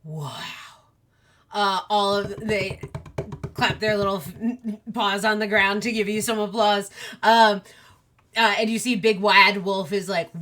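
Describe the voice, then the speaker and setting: A woman's voice: mid-range voice, steady tone, measured pace, fairly bright tone. A woman game master narrating a tabletop game in a bubbly, hesitant way. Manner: bubbly, hesitant with many fillers.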